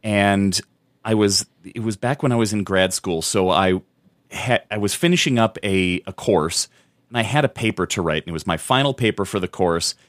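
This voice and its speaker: A man's voice: lowish voice, normal speed, no room sound, clean studio sound. A man in his thirties, a podcast co-host, telling a story in casual chat with frequent restarts. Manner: rambling storyteller with many restarts.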